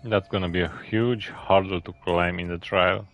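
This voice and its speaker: A man voicing a gruff, blunt detective partner in a video game, with a gravelly voice. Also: sits low, fairly even intonation, moderate pace, muffled recording, faint music behind. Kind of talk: game voice acting.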